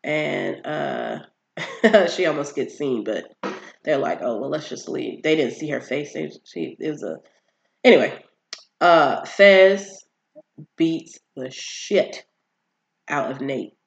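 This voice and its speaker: A person casually recapping a TV series on their own channel, animated and exasperated, with emphatic asides and quick impressions of the characters. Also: mid-range voice, creaky, highs cut off. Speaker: TV show recapper.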